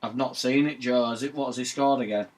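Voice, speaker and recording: A man's voice: mid-range voice, fairly even intonation, a little fast. Man, fan channel host, live watch-along, blunt sweary ranting.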